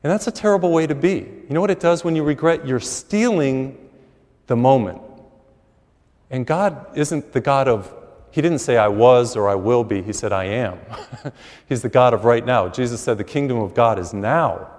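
A man's voice: mid-range voice, normal speed, a little mellow, big-room sound. A man preaching a conversational, storytelling sermon as priest in a church.

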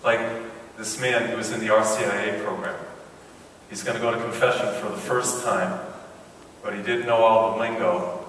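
A man's voice: lowish voice, fairly even intonation, moderate pace, pauses often, a bit bright, slight background noise. A man, a priest preaching a mission sermon in a church, telling jokes between points in a folksy, storytelling way. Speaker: priest giving a parish mission. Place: large church. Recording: echoey church from far off.

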